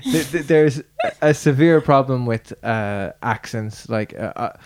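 A woman in casual conversation who talks haltingly, with many restarts and fillers. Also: extremely low pitch, expressive, a little mellow. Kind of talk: casual chat.

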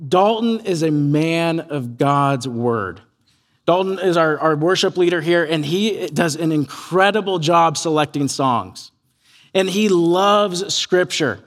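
A man preaching a sermon as pastor, earnest and animated, acting out quoted voices as he tells a story. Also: on the high side.

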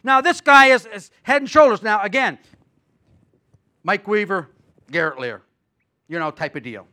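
A middle-aged male pastor with a high, bright voice preaches a sermon. He tells folksy stories and swings from loud, ringing preaching to quiet, chatty asides. His tone stays light and sharp throughout. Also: animated, normal speed. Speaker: guest pastor.

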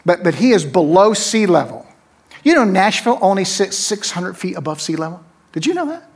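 Middle-aged preacher guy, high voice, chatty storytelling sermon, says things twice and asks "right?" a lot. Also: big pitch swings, brisk, husky. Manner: conversational storytelling, repeats phrases, checks in with "right?". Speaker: pastor.

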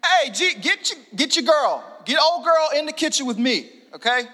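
A man voicing an exasperated, overworked woman hostess who complains loudly and whines. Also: very high-pitched, expressive, moderate pace, big-room sound, pitched above the performer's own voice, heavily acted. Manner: loud, whiny complaining.

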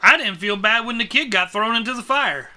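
A man co-hosting a podcast, tossing in quick jokes during casual movie chat. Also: high voice, pushed and bright. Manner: quick joking quips. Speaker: podcast co-host.

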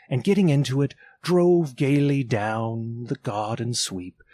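Man, audiobook narration, theatrical, animated pitch, dry close sound. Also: no room sound. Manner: expressive, theatrical storytelling. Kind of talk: dramatic audiobook reading.

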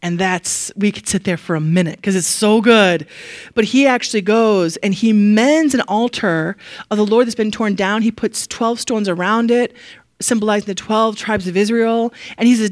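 A woman giving a casual, animated Bible lesson. She is chatty, laughs often and leans on fillers. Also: medium pitch, normal speed, no echo, clean studio sound. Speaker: Bible teacher.

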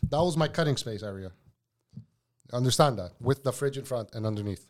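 Man, casual podcast storyteller, profane, slangy, says bro a lot, middle pitch, animated. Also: brisk. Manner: animated anecdote-teller. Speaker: podcast guest, former cook.

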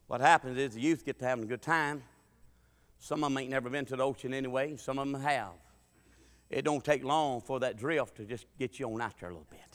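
A middle-aged man preaching a sermon, telling folksy stories and swinging from hollering to quiet asides. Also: medium pitch.

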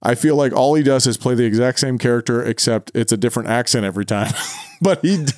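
A man's voice: mid-range voice, fast. A man co-hosting a podcast in a casual chat, talking loosely, restarting sentences and laughing often. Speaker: podcast co-host.

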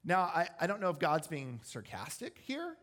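Male pastor, slightly high voice, casual explanatory sermon delivery with self-deprecating asides. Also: huge pitch swings, normal speed, a bit bright.

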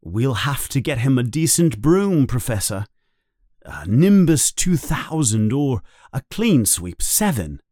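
Eager teen team captain, read by the narrator; keen, fast, close and dry. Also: medium pitch, dry recording. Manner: excited, quick and keen.

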